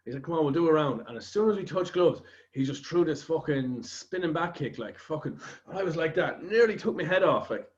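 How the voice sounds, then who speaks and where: A man's voice: fairly high pitch, lively intonation, brisk, hardly any pauses, highs cut off. A man with an Irish accent hosting a podcast, telling a rambling anecdote in casual chat and swearing freely. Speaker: podcast host.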